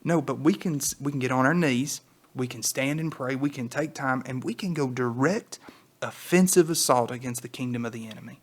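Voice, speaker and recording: A man's voice: medium pitch, brisk, a little hiss or hum. Earnest man teaching the Bible. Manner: earnest, exhorting, rising to emphatic peaks. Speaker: co-host of a Bible teaching podcast.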